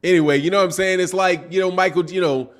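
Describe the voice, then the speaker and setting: A middle-aged man hosting a boxing livestream, reading chat messages and teasing viewers in an animated, slangy way. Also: sits high, fast. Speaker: boxing channel host. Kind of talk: livestream commentary with chat shout-outs.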